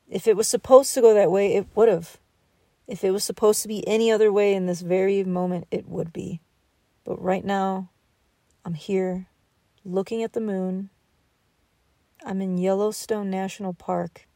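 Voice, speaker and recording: A woman's voice: on the low side, gravelly, dark tone, dry recording. A woman hosting a podcast, musing aloud at an outdoor campsite at night and rambling with many fillers. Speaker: podcast host. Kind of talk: reflective outdoor monologue.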